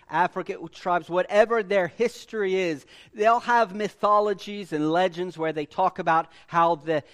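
A man preaching a sermon with animated delivery and emphatic repetition. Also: sits high, clear, resonant tone. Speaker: pastor.

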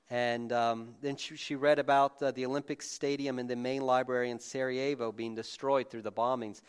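A man's voice: mid-range voice, fairly even intonation, moderate pace, few pauses, clear, resonant tone. A man preaching a conversational sermon to a gathered congregation, speaking informally with frequent restarts and asides. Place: room with a live congregation.

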